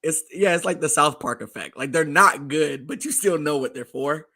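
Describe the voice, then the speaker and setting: A man with a hoarse, worn-out voice talks casually as a co-host. His tone is bright and forceful even through the rasp. He is excitable and laughs often. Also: a little high, normal speed. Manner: excitable, laughing fan talk. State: hoarse, voice nearly gone. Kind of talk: casual chat.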